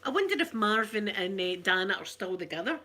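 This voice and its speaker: A woman with a Glaswegian Scottish accent chatting casually, a rambling storyteller who laughs often and slips into soft asides. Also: mid-range voice, big pitch swings, a little fast. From Glasgow, Scotland. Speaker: ASMR vlogger. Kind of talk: casual chat.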